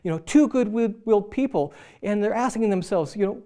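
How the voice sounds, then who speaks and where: A man's voice: sits high, moderate pace, few pauses. A middle-aged man preaching a sermon on marriage, acting out quarrelling spouses as he tells stories. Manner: animated storyteller acting out both spouses.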